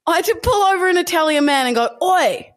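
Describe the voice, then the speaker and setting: A woman's voice: very high voice, animated, racing. A woman co-hosting a podcast in casual chat, cheeky and teasing. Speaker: podcast co-host.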